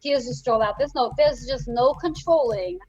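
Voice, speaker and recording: A woman's voice: high voice, normal speed, breathy edge, dull audio. A woman co-hosting a casual chat show, telling stories animatedly and quoting herself. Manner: animated storyteller, quotes herself. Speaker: podcast co-host.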